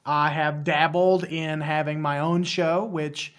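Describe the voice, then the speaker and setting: A man's voice: a little high, level tone, takes it slowly, fairly bright tone, clean tone. A man in his thirties from West Virginia with a West Virginian accent, a podcast guest chatting casually, rambling and self-deprecating with frequent restarts. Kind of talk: casual interview chat.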